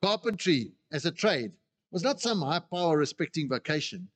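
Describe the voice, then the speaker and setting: A man preaching a sermon who acts out the voices he quotes with animated delivery. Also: fairly high pitch, moderate pace. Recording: long reverb of a hall.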